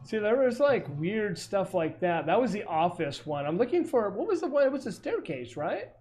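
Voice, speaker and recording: A man's voice: high-pitched, very animated, normal speed, darkish tone. A man who investigates hauntings, telling stories on a video call in a rambling way, with many fillers and corrections. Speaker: paranormal investigator. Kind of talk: casual storytelling over a video call.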